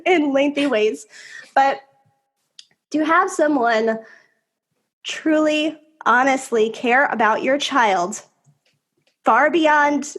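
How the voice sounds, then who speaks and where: A woman podcast co-host and mother talking in a casual conversation, emotional and laughing often, rambling quickly. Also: high-pitched, lively intonation, a bit bright.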